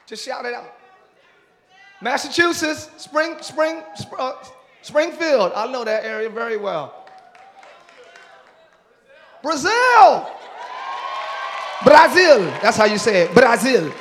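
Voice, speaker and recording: In a large church auditorium, a pastor with a very high-pitched, slightly bright voice talks a little slowly, joking with the congregation and welcoming newcomers during the live service. The crowd can be heard in the hall.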